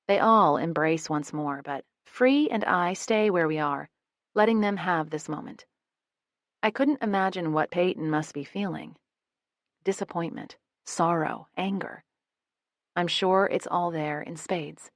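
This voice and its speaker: A woman's voice: on the low side, normal speed, dry recording, clean studio sound. A woman narrating a romance audiobook in the first person, switching into many character voices.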